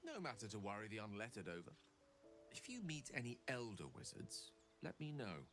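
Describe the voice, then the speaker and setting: A courteous, learned wizard. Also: male voice, fairly low pitch, very animated, fairly quick, fairly bright tone, faint music behind. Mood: inquisitive. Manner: formal, polite. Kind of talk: video game dialogue.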